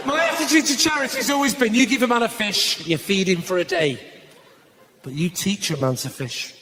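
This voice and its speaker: A middle-aged man with a Northern English accent doing live stand-up comedy in a theatre, bantering with the audience and breaking into loud outbursts. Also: sits high, a little fast, background noise. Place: theatre stage.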